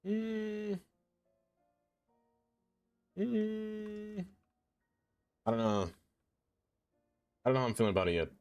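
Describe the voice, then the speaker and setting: A man chats casually with his stream audience while playing a city builder, laughing often and speaking to himself as he builds over faint music. His pitch is fairly low, and he talks fast but pauses often.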